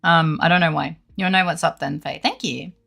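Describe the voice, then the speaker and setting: A young woman streamer talks in a loose, rambling way, swearing freely as she answers her chat. Her voice is bright with a gravelly fry, and faint game music plays under her words. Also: low-pitched, steady tone, a little fast. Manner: rambling, chatty, swears freely, laughs often. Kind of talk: casual live-stream chat.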